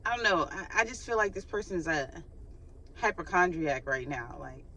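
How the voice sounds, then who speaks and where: A woman's voice: on the low side, animated, normal speed, sharp tone, a little hiss or hum. A woman hosting a faith channel, giving a casual spiritual reading in a chatty way and acting out sighing quotes, recorded without her microphone. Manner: chatty, laughs often, acts out quoted sighs.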